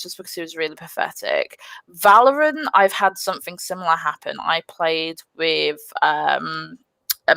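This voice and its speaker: A young woman telling a gaming story on a podcast, animated and swearing freely, with lots of fillers. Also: fairly low pitch, creaky, no room sound. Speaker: podcast guest, gamer. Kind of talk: casual storytelling.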